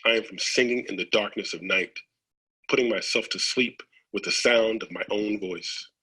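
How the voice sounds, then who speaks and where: A man reading a poem aloud in turns, with a measured, reciting delivery. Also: on the low side, bright, forceful tone, slightly rough, poor audio. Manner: measured, reciting lines in turn.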